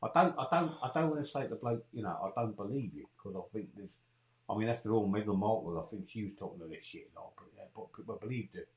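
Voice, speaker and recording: A man with a Geordie accent whose voice sits low for a man. He blusters along in a matey way, circling back to the same phrases again and again in comic banter. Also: lively intonation, fast, a little mellow. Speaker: co-host.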